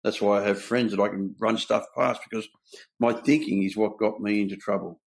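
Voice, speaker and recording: Gravelly older Australian man. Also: on the low side, fairly even intonation, brisk. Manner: earnest, blunt, tells stories with quoted dialogue. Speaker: host sharing his own recovery story. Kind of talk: candid conversation.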